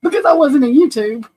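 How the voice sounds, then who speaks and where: This livestream host has a high, mellow voice, captured on a rough recording. Streaming casually from home, she chats with viewers and her computer while poking fun at herself.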